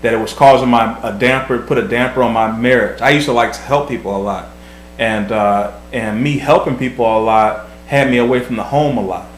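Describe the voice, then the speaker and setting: A man's voice: medium pitch, steady tone, a little fast. A man in his thirties, earnest and reflective, giving marriage advice in casual talk, often repeating words as he thinks. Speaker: vlog host, husband. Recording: echoey room, faint hum.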